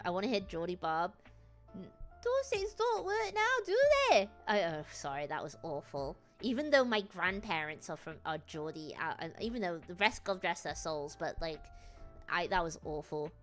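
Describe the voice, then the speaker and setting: A woman from northern England rambles through a casual live stream, giggly and excitable, jumping from story to story. Her voice is bright and forward, with faint music playing behind her. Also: on the low side, normal speed.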